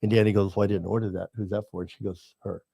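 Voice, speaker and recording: A man's voice: on the low side, level tone, quick pace, gravelly, mellow, breathy edge, no echo, clean studio sound. An older man co-hosting a chat show, telling family stories in a folksy, rambling way. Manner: storytelling, folksy, repeats words. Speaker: podcast co-host. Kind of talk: casual chat.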